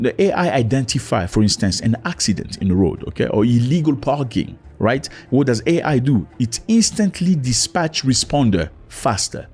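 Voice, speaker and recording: Emphatic man with a lively, husky voice. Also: medium pitch. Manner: preachy, emphatic, repeats phrases, addresses listener as "my brother". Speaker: commentator. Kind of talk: opinionated video commentary.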